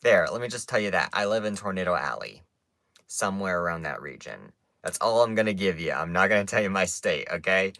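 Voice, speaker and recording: A man's voice: low-pitched, lively intonation, brisk, bright, forceful tone, no echo, clean studio sound. A man from Kansas chatting casually with his live stream viewers, playful and teasing, with lots of fillers. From Kansas, United States. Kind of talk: casual chat answering a live chat. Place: indoor room with stuffed animals.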